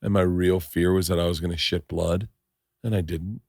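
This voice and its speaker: A middle-aged man hosting a podcast, chatting casually with rambling, jokey, excitable stories. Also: low voice, normal speed, gravelly, slightly rough, no echo, studio quality. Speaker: podcast host. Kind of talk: casual chat.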